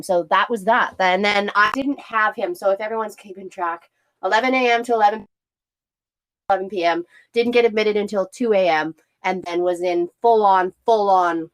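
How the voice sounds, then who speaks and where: A woman's voice: mid-range voice, fairly bright tone, rough recording. A young woman co-hosting a podcast, telling a story in casual chat, candid and swearing freely with bursts of laughter. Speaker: podcast co-host.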